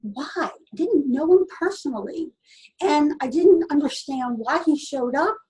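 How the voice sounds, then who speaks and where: A woman with a high voice tells a personal story in a relaxed, conversational way. She sounds earnest and halting, and often stops to restart her sentences. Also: poor audio. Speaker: vlogger.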